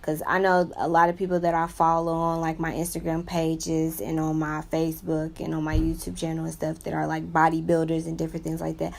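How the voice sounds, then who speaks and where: A young woman talks briskly and with hardly any pauses in a low-pitched, monotone, creaky voice with a darkish tone. In an unscripted vlog about her own illness, she rambles earnestly about her life, saying "like" and "you know" constantly.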